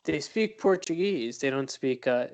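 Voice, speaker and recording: A man's voice: mid-range voice, expressive, measured pace. Male podcast co-host, casual and rambling, mid-range voice, lots of ums. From Arab background. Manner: rambling, hesitant with many fillers. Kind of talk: casual chat.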